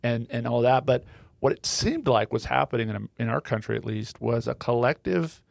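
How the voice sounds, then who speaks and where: Gravelly man hosting a podcast. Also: mid-range voice, expressive, moderate pace, dry recording. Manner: reflective, asks questions. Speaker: host. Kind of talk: podcast discussion.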